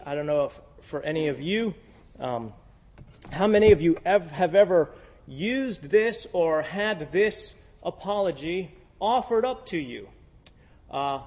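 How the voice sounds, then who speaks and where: A man's voice: on the high side, a little mellow. A man preaching a sermon as a pastor, in a conversational, candid style with frequent fillers. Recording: long hall reverb.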